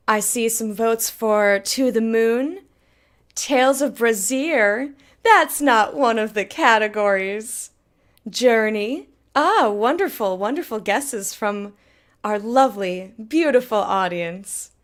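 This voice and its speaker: A woman hosts a playful mock awards ceremony with a hammy, theatrical delivery. Her voice sits a little high, and she draws each line out slowly and grandly. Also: expressive. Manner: theatrical and hammy, teasing a silent co-host. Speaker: streamer hosting a mock awards show. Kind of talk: mock awards-show presenting.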